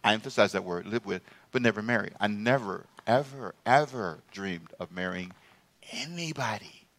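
Bright-voiced man preaching a sermon. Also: fairly low pitch, animated, moderate pace. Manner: storytelling, swings from hushed musing to loud shouting; calls out to the congregation for responses.

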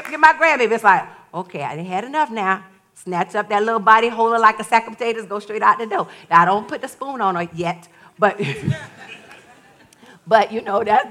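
An older woman and grandmother preaching a sermon, telling stories in a lively way and laughing often. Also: on the high side. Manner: storytelling, animated, laughs often.

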